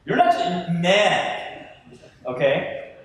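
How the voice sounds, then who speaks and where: A man speaking to a live audience in a big hall, his pitch riding high and swinging widely as he jokes and teases. The sound is roomy with long reverb, and the mic is some distance away with faint noise behind him. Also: extremely slow. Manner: animated, self-deprecating, joking with the crowd. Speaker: youth speaker. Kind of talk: humorous talk to a live audience. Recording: echoey hall from far off.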